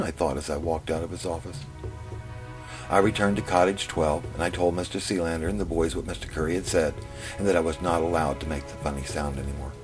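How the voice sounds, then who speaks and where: A man telling his own memoir in the first person, in a plain, steady way. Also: rumbling low, fast talker. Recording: music playing under the narration.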